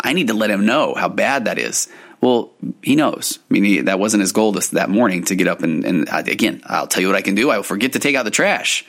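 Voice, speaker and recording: A man's voice: low-pitched, animated, quick pace, a bit bright. A man, a couples therapist and podcast host, explaining things earnestly and acting out what partners might say to each other. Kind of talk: casual podcast talk.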